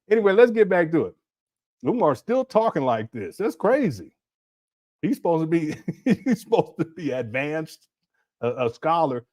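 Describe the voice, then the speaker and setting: A man's voice: a little high, expressive, moderate pace, darkish tone, highs cut off. A man, giving a loose, conversational monologue full of laughs and restarts. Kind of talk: casual monologue.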